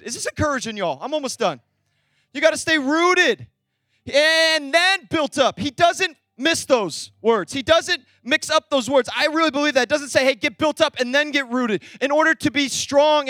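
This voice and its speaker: A young man delivers a lively sermon in a very high voice. The sound is dry and close, with no room around it. He tells stories and acts out the voices in them. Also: normal speed, dry recording. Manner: energetic, storytelling, acts out dialogue. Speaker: pastor.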